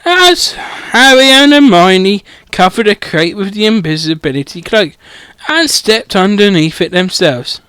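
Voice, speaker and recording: A man's voice: high voice, animated, a little slow, sharp tone, clear, resonant tone, dry recording. A man reading a comedic parody audiobook through a headset mic, irreverent and swearing, often stumbling over words. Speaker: audiobook reader.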